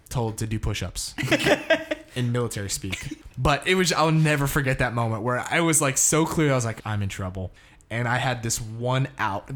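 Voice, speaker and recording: A man hosting a casual chat, telling a story with lots of laughter and acted-out quotes. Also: mid-range voice. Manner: animated, laughs often, acts out quotes.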